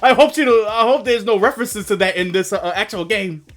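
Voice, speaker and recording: A man's voice: high voice, a little fast, faint music behind. A man streaming a video game, chatting casually with rambling, profane jokes. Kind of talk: casual let's-play chat.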